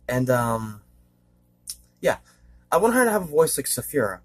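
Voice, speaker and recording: A man vlogging casually in a rambling, hesitant way, with many fillers and frequent throat-clearing. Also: mid-range voice. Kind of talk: casual monologue.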